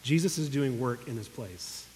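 A man's voice: mid-range voice, expressive, normal speed, a little mellow, a little hiss or hum. A pastor preaching a sermon in earnest, emotional tones, speaking directly to his congregation. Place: church hall. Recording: long echo of a large hall.

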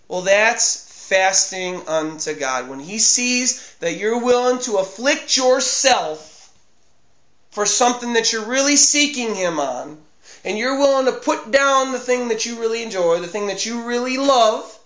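A man with a high, bright, sharp voice preaches in an earnest and emphatic way, circling back over his own phrases. The recording is dull and lo-fi, with a roomy echo around him. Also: animated, measured pace. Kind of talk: sermon on fasting.

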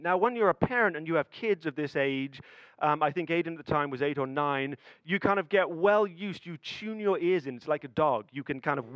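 A man's voice: fairly high pitch, no room sound, lo-fi sound. A man preaching a sermon, telling a family story with building suspense and acted-out dialogue.

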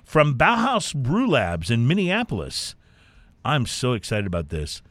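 A man from Texas co-hosting a casual chat, animated and chatty with plenty of fillers. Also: mid-range voice, a little slow, no echo. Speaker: co-host.

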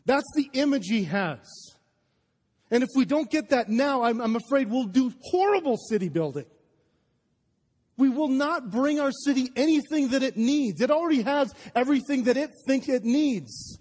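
A pastor delivers an impassioned, emphatic sermon, his notably high, slightly mellow voice rising in fervor at a normal pace with lively intonation as he drives his points home. In his eagerness he stammers, restarts, and repeats himself. The live recording carries a large church hall's long reverb.

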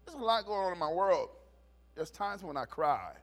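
With a high voice and a moderate pace, this middle-aged pastor preaches a sermon. His storytelling is animated, and he performs the voices of the characters he describes.

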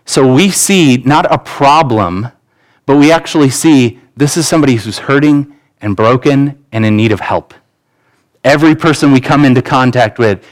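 Pastor, man in his thirties, mid-pitched voice, conversational sermon delivery with storytelling. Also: rough recording. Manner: conversational preaching with personal stories; acts out quoted voices in dialogue. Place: church sanctuary.

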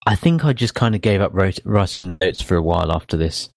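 A man co-hosting a podcast, recapping in casual chat, halting with many fillers and laughs. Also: low-pitched, expressive, gravelly, no room sound, studio quality. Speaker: podcast co-host.

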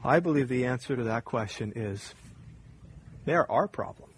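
A man preaching a sermon with an emphatic style, repeating phrases and building to loud fervor. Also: mid-range voice, animated, moderate pace, a little hiss or hum, low-quality recording. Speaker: pastor.

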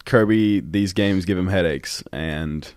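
A young man with a notably deep voice talks sports in a laid-back, easy way. He chuckles now and then and lets his sentences fade off softly. The sound is dry and close to the mic. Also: measured pace, dry recording. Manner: relaxed, chuckles often, trails off quietly. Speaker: student sports podcast co-host. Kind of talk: casual sports chat.

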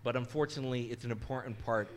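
A man's voice: mid-range voice, steady tone, rapid-fire. A middle-aged man, a pastor, giving a sermon in a candid, conversational and self-deprecating way.

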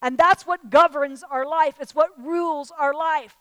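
A woman preaching a sermon to a live audience. She speaks emphatically, calls out to the listeners and rises to loud declarations. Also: sits high, steady tone, unhurried, dry recording.

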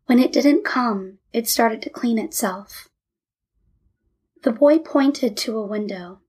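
A woman reading a story aloud in a measured, steady narration. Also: on the high side, husky. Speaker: audiobook narrator.

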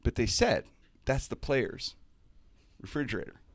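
A man's voice: medium pitch, measured pace, dry recording, clean studio sound. A man telling a story in casual talk-show chat, slipping into comic voices. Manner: animated, does comic voices mid-story.

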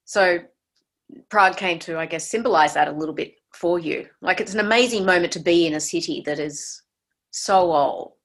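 Low-voiced woman interviewing an author. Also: normal speed, a bit bright. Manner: encouraging, lots of short agreeing sounds. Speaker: bookseller interviewer. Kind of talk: conversational interview. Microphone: video call.

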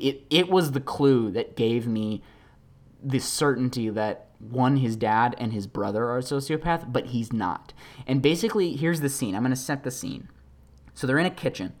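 An actor hosting a podcast, rambling through a story in a loose monologue full of "like". The delivery swings from excited high bursts to low, quiet asides, with voices put on for the people in the story. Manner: chatty, heavy use of "like", animated retelling with quoted voices. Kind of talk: casual monologue.

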